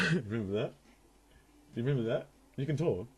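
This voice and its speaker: A man's voice: mid-range voice, animated, a little fast, slight background noise. A young man telling a crude story to his camera at home, rambling and laughing often as he talks. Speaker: vlogger. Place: room at home, indoors.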